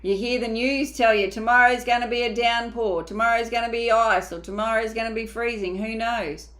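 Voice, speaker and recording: A woman's voice: a little high, fairly even intonation, normal speed, a bit bright. A woman mindset coach giving a motivational coaching talk, emphatic and casual, sometimes acting out inner voices.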